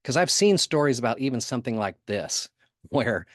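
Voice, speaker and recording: A man's voice: medium pitch, big pitch swings, moderate pace, no echo, clean studio sound. A man giving a conference talk in a casual, humorous way, often laughing and putting on voices for quotes. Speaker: conference speaker.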